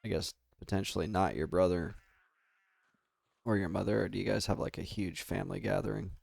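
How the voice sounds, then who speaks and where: A man's voice: sits low, fairly even intonation, fairly quick, vocal fry, darkish tone, breathy edge, no room sound, studio quality. An American man livestreaming a game, chatting casually and rambling with his viewers, laughing often. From United States. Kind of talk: casual gaming stream chat.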